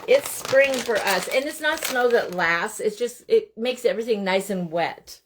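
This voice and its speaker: A woman's voice: a little high, unhurried. A middle-aged woman from Montana talks her viewers through a craft project on a live stream. Her talk is chatty and loose, full of greetings to viewers by name and asides about her day. She works at a table in her home craft room, talking as she goes. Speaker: craft livestream host.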